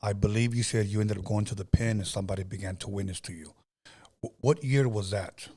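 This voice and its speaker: A man's voice: fairly low pitch, brisk, warm tone, slightly rough. Man, interview host, probing follow-up questions, short "right" and "wow".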